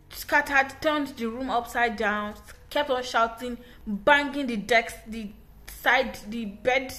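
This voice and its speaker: A young woman, an English teacher, telling a personal story in a casual, animated, emphatic way with frequent restarts. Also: fairly high pitch.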